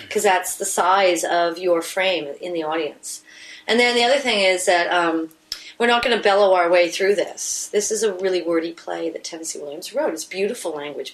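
A woman's voice: lowish voice, low-quality recording. A woman stage actor in a casual interview, recorded inside a house, explaining her ideas thoughtfully with frequent restarts.

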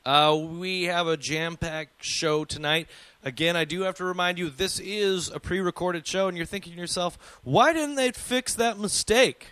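A man's voice: fairly high pitch, little pitch movement, moderate pace, bright, forceful tone, clear, resonant tone, no echo. A man hosting a casual radio show, bantering and joking at his own expense. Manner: self-deprecating, jokey.

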